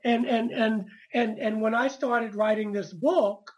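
Husky earnest woman author. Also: fairly high pitch, steady tone, measured pace, a little mellow, dull audio. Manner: earnest, repetitive restarts. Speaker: author guest. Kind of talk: conversational interview.

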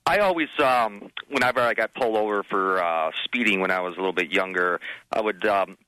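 A man's voice: on the low side, brisk, noisy background. A man telling laid-back stories as a guest in a casual chat, full of ums and uhs. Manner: laid-back storytelling with many fillers.

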